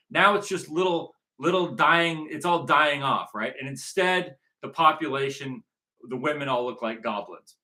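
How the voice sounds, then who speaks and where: A man's voice: fairly high pitch, pushed and bright. A man from Southern California giving a rambling, repetitive recruitment monologue, circling back to the same points. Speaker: movement organizer.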